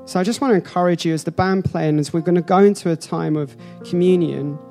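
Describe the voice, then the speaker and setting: Earnest preacher over soft music. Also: male voice, high-pitched, fast, gravelly, few pauses. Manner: earnest, repeating phrases for emphasis. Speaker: pastor. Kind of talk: sermon. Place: church.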